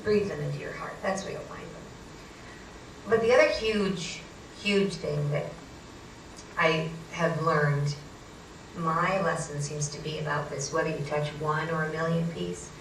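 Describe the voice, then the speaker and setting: A woman author telling a story to a live audience, animated and self-mocking. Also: sits low, unhurried, a little hiss or hum. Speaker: author and speaker. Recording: roomy hall, distant mic, faint ambience.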